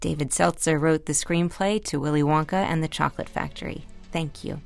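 A woman hosting a radio show, narrating a story and interviewing a guest in a measured way. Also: sits low, fairly even intonation, gravelly, faint music behind.

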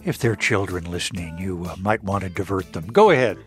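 A man's voice: low voice, a little fast, faint music behind. A man hosting a radio interview, asking questions in a playful and engaging way. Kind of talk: broadcast interview.

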